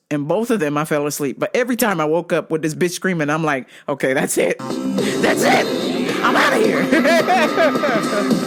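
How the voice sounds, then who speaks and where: A woman host delivers a profane, comedic rant, her pitch leaping all over the place. She keeps breaking into high, shrieking laughter and acts out the voices of the people she quotes. The tone stays loose and casual throughout. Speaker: podcast host.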